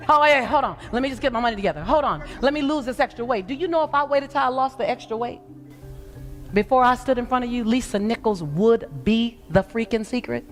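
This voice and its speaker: A woman's voice: fairly high pitch, lively intonation, fairly quick, soft background music. A woman giving a passionate motivational speech to a live audience, with preaching emphasis that swells and drops. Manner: preaching, rising and falling emphasis. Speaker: motivational speaker.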